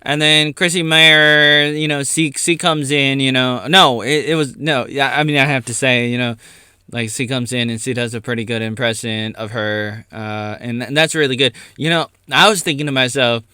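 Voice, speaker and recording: A man's voice: medium pitch, fairly even intonation, normal speed, sharp tone, clear, resonant tone, no echo, studio quality. A young man ranting on his own channel, rambling and breaking off into tangents. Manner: rambling, self-interrupting, goes off on tangents. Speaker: YouTuber. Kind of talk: rambling solo rant.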